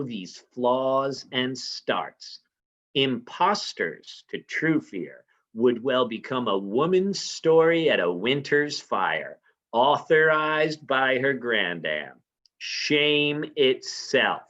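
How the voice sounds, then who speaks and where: Man reading commanding noble lady, insistent recited verse, average pitch, muffled lo-fi sound. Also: animated, normal speed, fairly bright tone. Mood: scornful. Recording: slightly muffled lo-fi recording.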